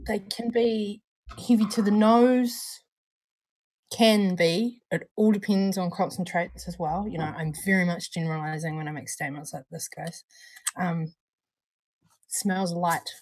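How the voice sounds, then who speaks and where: Slow-talking woman on a chatty live stream. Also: fairly low pitch, steady tone, a little mellow. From Australia or New Zealand. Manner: chatty, unhurried, trails off and laughs often. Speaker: co-host of a vape review stream. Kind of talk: casual live-stream chat.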